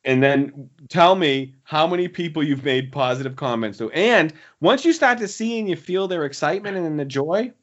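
A man co-hosts a casual podcast and earnestly presses listeners to do better. His pitch swoops up and down with a lot of life. The sound is dull and lo-fi. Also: expressive, moderate pace, few pauses. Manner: earnest, preachy, encouraging. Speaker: podcast co-host.

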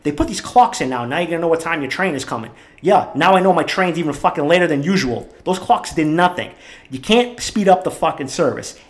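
Profane fired-up podcast ranter. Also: male voice, a little high, animated, brisk. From Boston, Massachusetts. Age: 40s. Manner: heated, swearing, worked up. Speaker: podcast host. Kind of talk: profane ranting monologue.

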